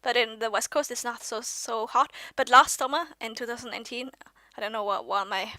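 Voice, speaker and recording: A woman's voice: fairly high pitch, fairly even intonation, a little fast, sharp tone, no echo. A young woman from Norway, speaking English with a mixed British-leaning accent, rambling through a casual confessional vlog and often correcting herself. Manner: rambling, self-correcting, drifts off topic. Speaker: vlogger.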